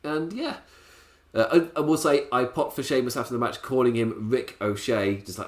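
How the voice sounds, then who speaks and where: A man's voice: mid-range voice, moderate pace. A man reviewing a wrestling show in a casual, sarcastic way, often laughing. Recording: roomy echo.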